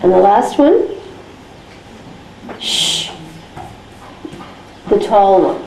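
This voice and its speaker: A woman teaching a class, slowly dictating phonics sounds for a test and explaining how each is said. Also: a little high, reverberant, noisy background. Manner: slow, deliberate dictation of sounds.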